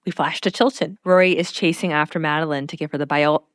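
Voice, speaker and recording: A woman's voice: sits low, fairly even intonation, quick pace, dry recording, clean studio sound. A woman co-hosting a casual podcast, recapping an episode and acting out the characters' lines with laughter. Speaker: podcast co-host.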